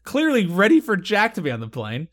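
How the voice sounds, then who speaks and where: A man's voice: high voice, fairly quick. A man hosting a podcast, casually recapping a TV episode and acting out lines with laughter. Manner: animated storytelling, acts out quotes with laughter. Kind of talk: casual chat.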